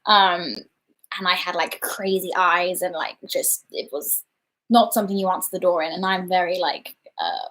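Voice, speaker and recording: A woman's voice: fairly low pitch, moderate pace, fairly bright tone. A woman chatting casually on a livestream, telling an embarrassing story with lots of fillers and self-deprecation. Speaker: livestream host.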